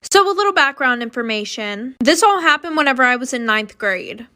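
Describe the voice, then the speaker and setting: Bright high-voiced young woman storyteller. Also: animated, fairly quick. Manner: chatty, filler-heavy with lots of "like". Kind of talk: casual storytime narration.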